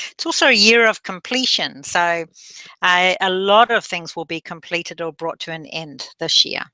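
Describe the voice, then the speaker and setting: Slow, gentle woman guiding a meditation. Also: on the low side, dry recording. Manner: slow, gentle instructions with repeat-after-me affirmations. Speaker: meditation guide. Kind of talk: guided meditation.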